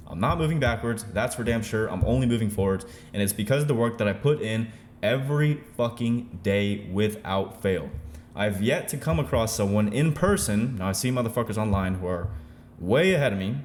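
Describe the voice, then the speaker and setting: A man's voice: on the low side, slight background noise. A male day trader giving a fired-up, profane motivational rant straight to his viewers, full of rhetorical questions. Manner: intense, profane, emphatic, preachy.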